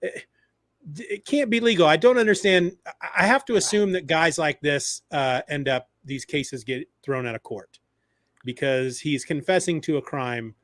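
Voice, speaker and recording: A man co-hosting a podcast, retelling comic stories in a lively, animated way. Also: on the high side, normal speed, no room sound, clean studio sound. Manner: animated retelling, acting out quoted lines. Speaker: podcast co-host. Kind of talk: casual chat about comics.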